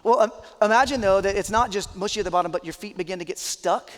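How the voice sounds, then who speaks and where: A man's voice: sits high, fast, in a large hall. A man, a pastor, preaching a sermon in an earnest, conversational, emphatic way.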